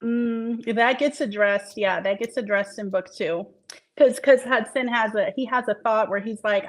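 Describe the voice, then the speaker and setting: A woman's voice: a little high, fairly even intonation, measured pace. A woman author talking casually in an interview, earnest and reflective, trailing off with fillers as she thinks aloud. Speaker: author guest.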